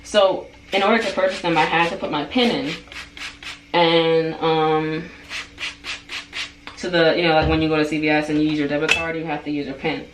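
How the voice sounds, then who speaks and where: Female vlogger, chatty storyteller heavy on fillers, recorded at a distance with faint hiss. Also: moderate pace. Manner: animated, rising to high-pitched outbursts when retelling anger; frequent "like" and "um" fillers. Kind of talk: casual storytelling. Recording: roomy echo, distant mic, faint background hiss.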